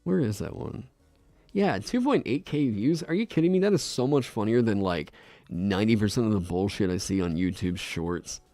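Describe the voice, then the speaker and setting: A man's voice: lowish voice, animated, normal speed, mellow, no echo, faint music behind. A man chatting casually on a live stream into a desk microphone. He rambles, laughs often and swears freely. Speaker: streamer designing a game class.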